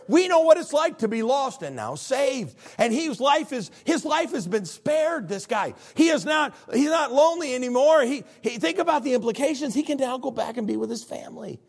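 Animated preacher man, lively pitch. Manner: animated, acts out the people in the stories. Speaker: pastor. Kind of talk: sermon.

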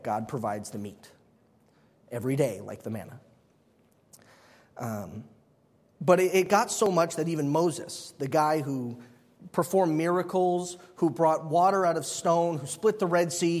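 A man preaches a sermon in a relaxed, conversational way, slipping in self-deprecating jokes. His voice sits fairly high for a man. A long hall reverb trails his words.

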